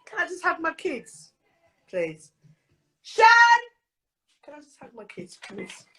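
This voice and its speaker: A woman hosting a casual live stream, effusive, emotional and loud. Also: sits high, sing-song, moderate pace.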